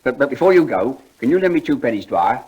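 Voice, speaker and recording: A man's voice: mid-range voice, sing-song, fast, a little mellow, breathy edge, muffled recording. An actor playing a bumbling, cheeky man who stammers and fumbles for words between quips, in 1940s radio comedy style.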